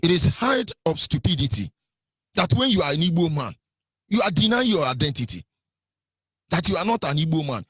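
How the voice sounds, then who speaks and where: Impassioned Nigerian man, husky voice. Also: a little high, very animated, fairly quick, long pauses, fairly bright tone, no room sound. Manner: scolding, repeats rhetorical questions, stumbles with fillers. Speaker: radio commentator. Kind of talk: impassioned radio commentary.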